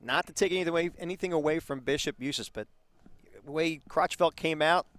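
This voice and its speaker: Excitable Boston play-by-play man. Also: a little high, fairly quick, no room sound. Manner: excitable, rising sharply on big plays. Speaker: play-by-play announcer. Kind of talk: live baseball commentary.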